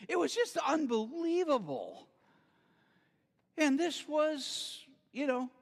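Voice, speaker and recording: A man giving a storytelling sermon as a guest speaker at a spiritual center, theatrical and animated. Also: extremely high pitch. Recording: reverberant hall.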